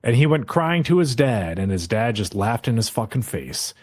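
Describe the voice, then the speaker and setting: A man's voice: mid-range voice, sing-song, moderate pace. A man hosting a podcast, casually recapping an anime episode and acting out the characters' lines with frequent swearing.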